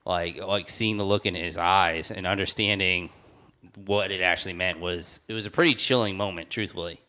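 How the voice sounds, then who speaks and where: A man's voice: sits low, fairly even intonation, normal speed, pushed and bright. A man co-hosting a podcast, chatting casually and rambling with many restarts. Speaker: podcast co-host. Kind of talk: casual chat.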